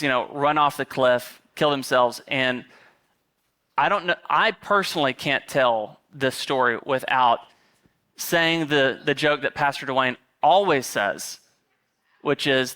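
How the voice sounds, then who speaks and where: A man's voice: on the high side, sharp tone. A male pastor giving a chatty, conversational sermon with humorous asides and plenty of fillers.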